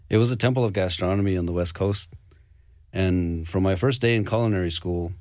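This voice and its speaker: A man in his forties from Arizona, a chef guest in a radio interview, speaking earnestly and reflectively with pauses. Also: low voice, a little mellow, no echo, studio quality. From Arizona, USA. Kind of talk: interview storytelling.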